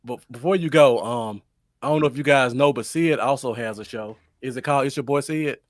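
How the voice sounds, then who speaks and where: A man's voice: mid-range voice, a little fast, dry recording, studio quality. A man hosting a call-in podcast, talking casually and easily to listeners. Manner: easygoing, talks to the audience. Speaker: podcast host running call-ins. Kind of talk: casual chat.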